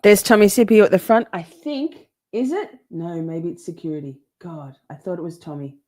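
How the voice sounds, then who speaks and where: A woman's voice: on the low side, normal speed, dark tone, dry recording, clean studio sound. A woman hosting a casual livestream, chatty and sweary, reading out viewer comments between laughs. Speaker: livestream host.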